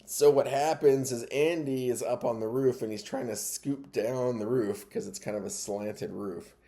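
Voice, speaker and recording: A man's voice: medium pitch, moderate pace. A middle-aged man casually telling a personal story, often chuckling as he goes. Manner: chuckles often while telling, lively retelling.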